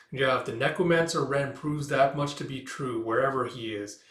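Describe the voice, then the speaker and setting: A man talks his way through a comic book in a loose, chatty manner, with lots of filler words. His voice sits at a middle pitch and carries the echo of a roomy space. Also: fairly quick, hardly any pauses, fairly bright tone. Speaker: comic reader and reviewer. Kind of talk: casual comic read-through.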